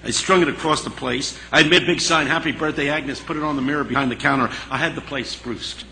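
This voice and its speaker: Gravelly, bright-voiced male storyteller. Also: medium pitch, quick pace, a little hiss or hum, rough recording. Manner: animated, dramatic storytelling with hushed stretches. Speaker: speaker. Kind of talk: storytelling sermon.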